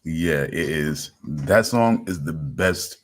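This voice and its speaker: A man with a very low voice talks loosely in a casual podcast chat. He rambles, restarts often and leans on "you know what I'm saying". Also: lively intonation, takes it slowly. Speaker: podcast host.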